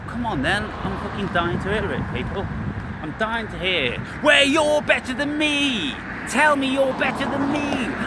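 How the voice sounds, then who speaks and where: A man with a high-pitched voice rants in a confrontational, swearing vlog monologue. He taunts and goads his listeners. He was recorded outdoors, with steady traffic noise behind him. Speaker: vlogger.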